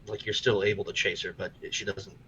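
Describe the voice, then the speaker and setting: Man, game master, narrating, relaxed, filler words, faint noise. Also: on the low side, quick pace, dull audio.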